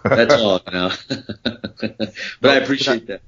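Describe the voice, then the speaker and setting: A man who is a guest on a podcast, a former Navy SEAL, speaking haltingly with dry humor. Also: medium pitch, a bit bright. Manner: halting, with many fillers and restarts, dry humor. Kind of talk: casual interview talk. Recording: dull lo-fi podcast audio.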